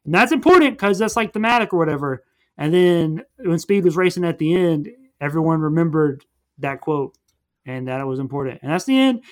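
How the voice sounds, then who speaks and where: A young man with a somewhat high-pitched voice rambles through a movie plot in casual conversation. He tells it in an animated way and slips into quick character voices as he goes. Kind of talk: casual movie recap chat.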